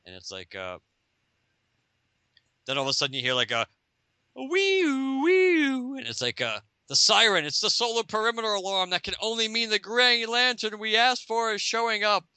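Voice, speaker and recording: A man co-hosts a comic book podcast over a Skype call, laughing as he recaps. His voice sits slightly high and has a sharp, forceful brightness. The sound is close and dry. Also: brisk, clean tone, dry recording. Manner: laughs often, acts out quotes in voices. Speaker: podcast co-host. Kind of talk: casual comic book chat.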